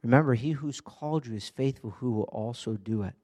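A man's voice: medium pitch, brisk, a little mellow. A man preaching an earnest, conversational sermon, often asking the congregation direct questions. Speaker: pastor.

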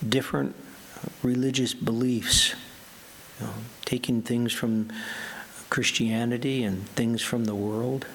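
A male pastor preaches in a low, gravelly voice. His delivery is earnest and emphatic, and he slows right down when he quotes scripture. A faint hiss runs under the recording. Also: fairly bright tone. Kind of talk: sermon.

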